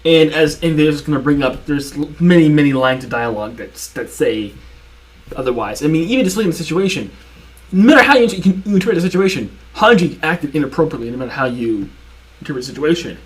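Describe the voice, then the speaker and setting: A man's voice: fairly high pitch, animated, fast talker. A young man hosting a commentary video, arguing point by point in a sarcastic, repetitive way. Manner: argumentative, sarcastic, repeats and restarts. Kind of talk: reaction commentary.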